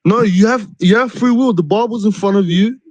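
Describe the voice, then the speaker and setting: A man calling into a live-stream debate, his voice slightly higher than most men's and recorded dry and close. He argues earnestly, repeating words and restarting his sentences as he goes. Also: fairly quick, darkish tone, dry recording, rough recording. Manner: repetitive, earnest, restarts often. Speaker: caller.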